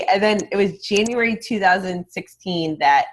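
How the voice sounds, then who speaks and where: A woman guest on a podcast talking in a candid, animated way. She swears freely and acts out remembered conversations. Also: mid-range voice, moderate pace, slight background noise. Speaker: guest, online marketing mentor. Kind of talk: casual interview talk.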